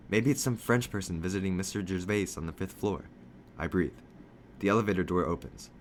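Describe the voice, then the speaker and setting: A man reading a children's novel aloud in steady first-person storytelling, lightly voicing the dialogue. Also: low-pitched, a little hiss or hum.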